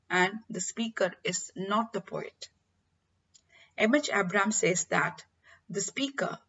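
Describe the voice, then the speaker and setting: A woman's voice: medium pitch, fairly bright tone, slightly rough. A woman lecturing on literature to students, explaining terms patiently and addressing her listeners directly. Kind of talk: classroom lecture. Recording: dull lo-fi recording.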